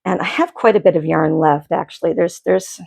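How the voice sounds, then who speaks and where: A woman's voice: on the low side, normal speed, creaky, a little mellow. A woman hosting a knitting podcast, chatting casually from her home dye studio in a rambling way, often restarting her sentences. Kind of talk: casual chat.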